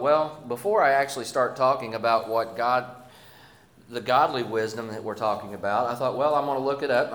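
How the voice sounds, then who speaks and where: Man preacher, mid pitch, folksy and self-deprecating sermon delivery with frequent restarts, echoey room. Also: fairly bright tone. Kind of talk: sermon with scripture reading.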